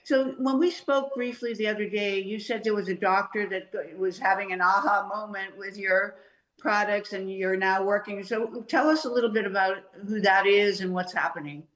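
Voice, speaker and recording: A woman's voice: mid-range voice, fairly even intonation, moderate pace, a bit bright. Encouraging woman podcast host, roomy sound. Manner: conversational, encouraging interviewer. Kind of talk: casual interview chat.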